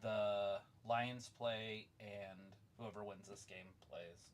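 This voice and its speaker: A man chatting casually as co-host of a watch-along, laid-back and low-key. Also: steady tone, takes it slowly. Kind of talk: casual chat.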